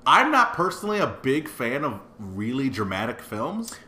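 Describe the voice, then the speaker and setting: A man's voice: medium pitch, normal speed. A man co-hosting a casual podcast, opinionated and swearing freely. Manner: animated, profane, opinionated. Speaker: podcast co-host. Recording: roomy echo.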